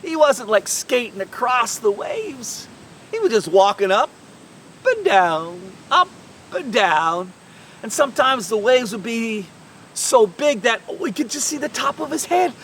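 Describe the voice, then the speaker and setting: A woman retelling a Bible story in the first person as one of the fishermen. She tells it expressively, dropping to a hush and rising to shouts. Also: fairly high pitch, unhurried, far from the mic, a little hiss or hum. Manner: expressive, swings from hushed to shouting.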